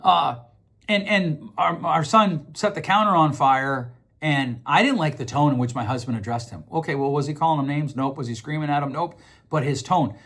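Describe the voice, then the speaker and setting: A man's voice: on the high side, normal speed, a bit bright. A middle-aged man hosting a podcast, explaining ideas in a casual, conversational way, often repeating words as he thinks. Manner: conversational, repeats words while thinking, acts out quoted voices. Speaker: podcast host.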